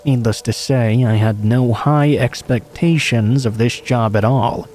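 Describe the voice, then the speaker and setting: A man calmly reading true horror stories aloud as a scripted narration. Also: mid-range voice, unhurried, a little hiss or hum.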